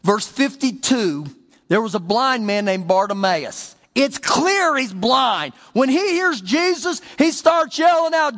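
A man's voice: extremely high pitch, normal speed, long reverb tail. A male pastor preaching a sermon, acting out the voices of the people in his stories. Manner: animated preaching, acts out the voices in stories and scripture.

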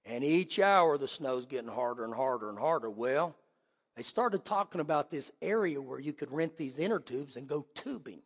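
High-voiced pastor in a reverberant hall. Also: male voice, very animated, moderate pace, husky. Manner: dramatic storytelling, swings from hushed to loud. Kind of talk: sermon with personal story.

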